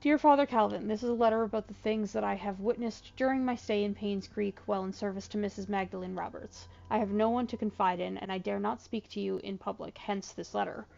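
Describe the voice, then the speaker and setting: A sleepy woman playing a video game who talks through her thoughts and reads in-game letters aloud in a measured way. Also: medium pitch, vocal fry, a little mellow, muffled recording. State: sleepy, yawning. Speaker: let's play gamer. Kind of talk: casual gameplay commentary, reading in-game letters aloud.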